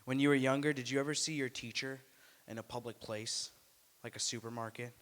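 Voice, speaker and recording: A young man works through an open mic stand-up set, deadpan between bits and then loud and shrill when he acts them out. His voice sits in a middle register. The live room gives him a long, hanging reverb. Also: brisk. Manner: deadpan delivery with loud high-pitched put-on voices. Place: small student venue.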